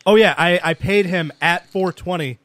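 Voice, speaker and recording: Young man, podcast co-host, rambling stories, fillers, slightly higher voice, dry close mic. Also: moderate pace, a bit bright, dry recording. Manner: rambling anecdotes with many fillers. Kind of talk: casual storytelling chat.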